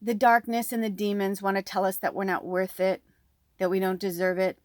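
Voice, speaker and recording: Middle-aged woman, tarot reader, casual and chatty, close-mic'd and dry, pitched in the middle. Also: level tone, a little fast, no room sound. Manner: chatty, breathy asides, close to the mic. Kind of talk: pick-a-card tarot reading.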